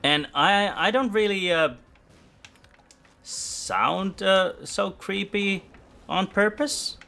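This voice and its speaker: Slow, rambling man streaming a game. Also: high voice, gravelly, bright, forceful tone. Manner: rambling, hesitant, many restarts; self-mocking, chatty with viewers. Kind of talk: live gameplay commentary with chat.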